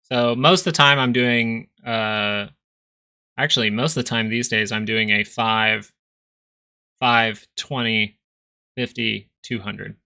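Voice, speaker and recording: A man's voice: mid-range voice, fairly even intonation, takes it slowly, creaky, bright, forceful tone, clean tone. A young man hosting a live stock market stream, giving casual, rambling chart commentary and joking with viewers. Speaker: stock market livestream host.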